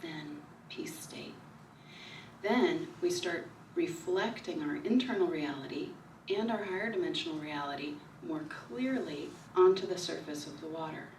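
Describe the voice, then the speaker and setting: A woman giving a calm, repetitive spiritual talk at her book signing, slowing down to stress key ideas. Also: lowish voice, a little hiss or hum. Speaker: author speaking at a book signing. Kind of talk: spiritual talk to a small audience. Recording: echoey room recorded from far off.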